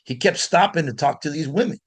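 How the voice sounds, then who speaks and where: A man from Miami, a guest blues guitarist, telling animated stories in an interview with frequent restarts. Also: on the high side, fairly quick. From Miami, United States. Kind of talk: storytelling in an interview.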